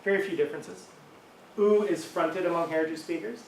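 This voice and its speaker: In a lecture room, a middle-aged man delivers a university linguistics talk in a relaxed, conversational style, full of fillers and "right?" check-ins. He sounds a little high, brisk and gravelly, with the mic at a distance in an echoey room and slight background noise.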